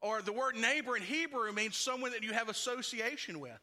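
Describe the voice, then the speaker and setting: Bright-voiced high male preacher. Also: lively intonation, a little fast. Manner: conversational preaching with playful asides. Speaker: pastor. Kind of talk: sermon.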